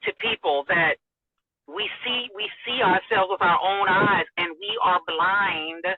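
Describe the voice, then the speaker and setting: A woman broadcaster telling a personal story in an interview, animated and emotional. She laughs often and acts out the dialogue. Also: mid-range voice, measured pace, a crowd in the background. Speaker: radio and TV broadcaster, interview guest. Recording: dry, narrow phone-like sound.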